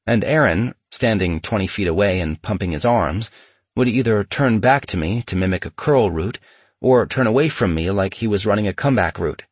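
A man narrating a memoir in a steady, measured storytelling manner. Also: on the low side, slightly rough, no echo.

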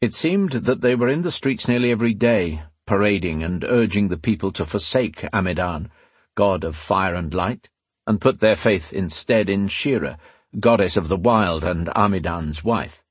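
A man narrating a fantasy story in a steady, scripted reading. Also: low voice, moderate pace, breathy edge, no room sound. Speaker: audiobook narrator.

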